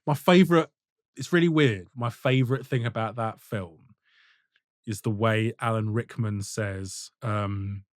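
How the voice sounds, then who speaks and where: A man co-hosting a gaming podcast in casual chat, talking in animated, emphatic bursts and laughing often. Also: on the low side, unhurried, dry recording, clean studio sound. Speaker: podcast co-host.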